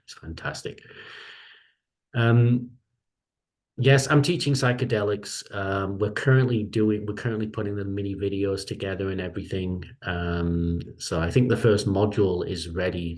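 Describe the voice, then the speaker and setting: A man's voice: low voice, a little mellow. A middle-aged man, a lecturer, talking casually in an online meeting, rambling and repeating himself as he gives advice.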